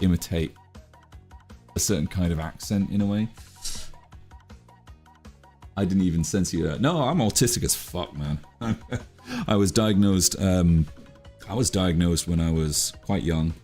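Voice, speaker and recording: A man's voice: low-pitched, darkish tone. A man streaming his drawing, chatting casually in a rambling, self-deprecating way. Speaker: art streamer.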